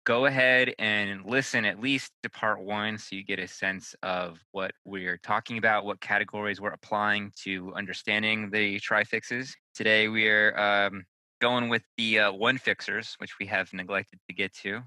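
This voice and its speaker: Man with a bright, dry voice. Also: on the low side, flat delivery, moderate pace, no echo, poor audio. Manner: joking, rambling with fillers. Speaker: podcast host. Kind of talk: casual joking podcast chat.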